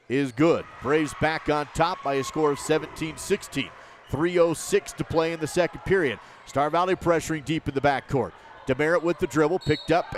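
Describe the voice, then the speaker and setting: A man calling a live basketball game play by play, in quick, clipped phrases that lift on missed shots. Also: fairly high pitch, slight background noise. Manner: rapid, clipped calls that rise on misses. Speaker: play-by-play announcer.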